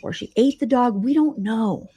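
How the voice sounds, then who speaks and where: A woman's voice: on the high side, moderate pace, slight background noise. A woman hosting a livestream, telling gossip in a mocking comedic style. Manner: mocking, animated, puts on voices for quotes. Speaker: livestream host.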